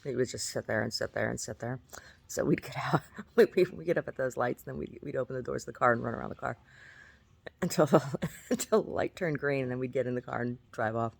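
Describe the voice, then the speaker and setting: A middle-aged woman vlogs to camera in a very deep, husky, creaky voice, talking fast. Her casual monologue is rambling and self-mocking, with laughter, repeated words, and frequent restarts.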